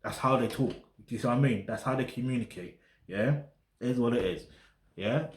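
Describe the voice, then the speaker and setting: South London man, casual music-review host, slangy and rambling, mid-pitched voice in an echoey flat. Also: fairly quick. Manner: rambling, full of slang tags like "get me" and "yeah". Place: flat in a residential block.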